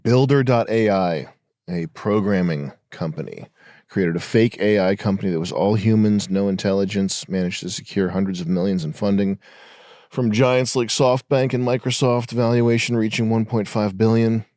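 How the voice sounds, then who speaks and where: A blunt man with a fairly low voice, talking casually and cursing freely on a podcast. He sometimes reads headlines off a screen in a flatter tone. The sound is dry and close. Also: moderate pace, no room sound. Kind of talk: casual chat.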